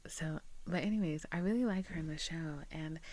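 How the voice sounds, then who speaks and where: A woman's voice: deep voice, brisk, a little mellow. A young woman talking casually to her camera, rambling and chatty, calling her viewers "girl". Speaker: vlogger. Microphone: camera mic.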